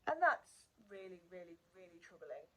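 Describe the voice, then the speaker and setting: A woman's voice: on the low side, big pitch swings, normal speed, a bit bright, low-quality recording. A woman hosting a true crime channel, telling the story in a casual, unscripted way. She is earnest and emotional and repeats words for emphasis.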